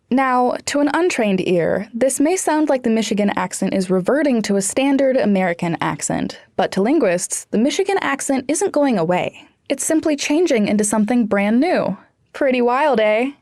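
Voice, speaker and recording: A woman's voice: mid-range voice, darkish tone, dry recording, clean studio sound. A woman reporter reading a scripted news story with a playful touch.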